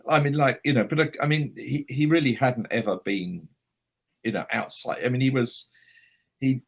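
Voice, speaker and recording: A man who is a writer, a guest in an interview, telling anecdotes in a chatty, animated and self-deprecating way. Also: mid-range voice, moderate pace. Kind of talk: anecdotal storytelling.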